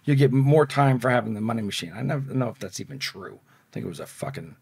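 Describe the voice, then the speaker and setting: A man's voice: medium pitch, quick pace, creaky, breathy edge, no room sound, clean studio sound. A man telling his story in an interview, swearing a lot and acting out the voices of the people in it. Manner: profane, animated, acts out quoted dialogue. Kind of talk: casual storytelling.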